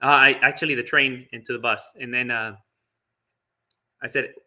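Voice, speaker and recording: A man's voice: medium pitch, steady tone, moderate pace, bright, forceful tone. A man who is a Buddhist monk telling a personal story in a chatty way, with fillers and small laughs. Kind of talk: casual storytelling talk.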